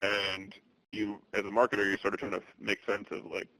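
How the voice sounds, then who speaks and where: Presenting a webinar, a Boston-area man in his thirties speaks in a steady monotone, halting with frequent fillers and restarts. His low voice has a bright, forward edge, and the close, dry recording has no room sound but poor quality.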